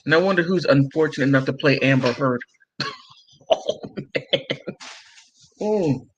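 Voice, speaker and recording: Male livestream host reading chat; loose, giggly, slow-paced, a bit high-pitched. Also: highs cut off, slight background noise. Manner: giggly, laughs often between remarks; loose and rambling, full of fillers. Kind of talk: casual livestream chat reading viewer comments.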